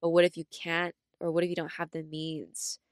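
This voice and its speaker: A young adult woman co-hosting a podcast in casual chat, full of fillers like "like" and "right?", telling stories with lively acted-out quotes. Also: moderate pace, smooth, no room sound, clean studio sound. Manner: animated storyteller, acts out quotes with big pitch jumps. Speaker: podcast co-host.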